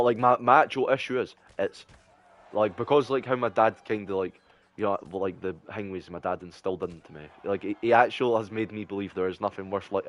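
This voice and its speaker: A young Scottish man streaming and chatting casually, rambling with heavy swearing and lots of fillers. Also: sits low. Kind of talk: casual chat.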